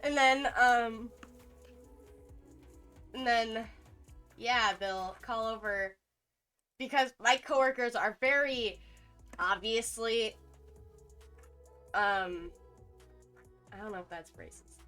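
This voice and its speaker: A woman's voice: fairly high pitch, takes it slowly, long pauses, pushed and bright, smooth. A young adult woman streamer chatting casually, rambling with lots of fillers and laughs. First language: English. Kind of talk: casual chat while drawing. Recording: light music playing behind.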